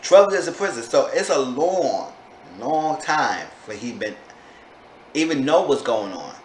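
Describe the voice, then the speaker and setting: A man in a casual vlog, recapping a reality show with gossipy commentary and sudden high-pitched bursts of disbelief. His voice sits at an ordinary middle pitch. The room is echoey, with a faint hiss of background noise. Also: animated, unhurried. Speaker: TV show reviewer.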